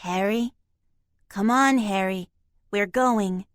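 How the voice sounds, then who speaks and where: A woman voicing a bossy, coaxing little female pixie who gives brisk orders softened with pet names, in a storybook. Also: medium pitch, smooth, no echo, clean studio sound, lightly acted.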